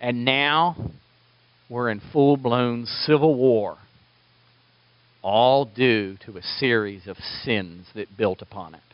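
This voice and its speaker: A man's voice: mid-range voice, slow pace, no room sound. A man preaching a sermon as a pastor, asking his listeners rhetorical questions. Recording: dull lo-fi dry recording.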